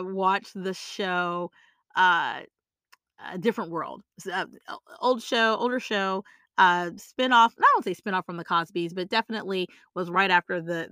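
A career coach with a lowish, pushed, bright voice gives motivational, emphatic advice on salary negotiation. She repeats key phrases and keeps checking in with the listener through frequent tag questions. The recording is studio quality with no echo.

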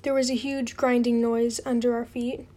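A woman's voice: on the high side, little pitch movement, normal speed, warm tone, slight background noise. A woman reading a novel aloud at home in an unpolished, amateur style and apologizing for her slips. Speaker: reader.

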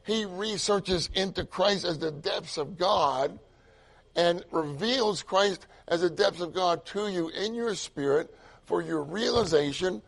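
Excitable gravelly older male preacher. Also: high voice, slow. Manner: excitable, repetitive, swings from loud to hushed. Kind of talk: sermon.

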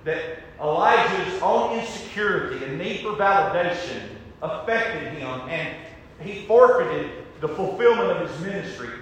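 A man preaching a sermon with emphasis, swinging from shouts to very quiet passages. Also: far from the mic. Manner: emphatic, rising to shouts then dropping very low. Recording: echoey hall with long reverb.

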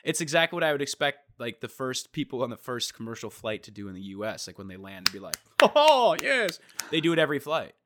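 A man's voice: mid-range voice, animated, fast, hardly any pauses, noisy background. A young man in a casual chat, telling a travel story with lots of swearing and acting out the people he met.

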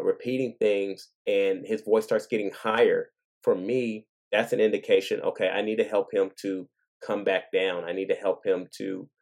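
A man hosting his own show, talking earnestly and gently in a casual reflective monologue, thinking aloud as he goes. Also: on the low side. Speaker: father and podcast host.

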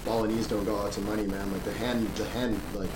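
A man from Australia telling an animated story in casual podcast chat, acting out voices and laughing often. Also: on the low side, fast talker. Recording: echoey room with faint noise.

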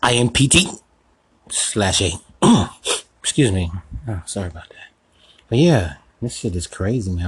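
Low husky man, rambling comedic monologue, swearing, talking to himself. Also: rough recording. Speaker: podcast host. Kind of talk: comedic solo sketch monologue.

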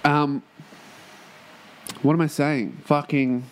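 A man's voice: on the high side, fairly even intonation, slow, a little hiss or hum. A man hosting his own podcast, rambling casually and profanely with self-mocking jokes, recorded in a room at a shared workplace. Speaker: podcast host.

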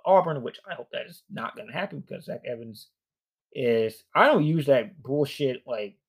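A weary young man vents in a loose, profane rant, sighing and trailing off between bursts of frustration. His voice sits at an ordinary middle pitch, tired and worn down. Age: young adult. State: fatigued. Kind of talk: casual rant.

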